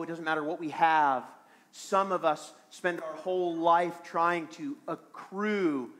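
A man's voice: on the high side, fairly bright tone. A man preaching a sermon as pastor of a small church, earnest and repeating phrases for emphasis.

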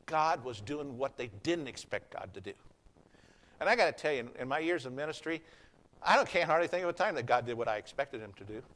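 A man preaching a sermon in a church service, folksy and conversational, swinging from hushed lines to loud ones. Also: mid-range voice, slight background noise, poor audio. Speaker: pastor.

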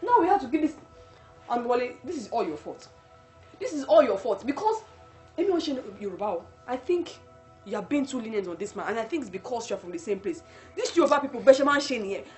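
Actress as a high-voiced, rapid Nigerian immigrant wife, emotional, Nigerian accent, church film drama. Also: female voice, sing-song, darkish tone, faint music behind. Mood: upset. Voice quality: emotional, mixes in Yoruba phrases. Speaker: Nigerian wife stranded in America.

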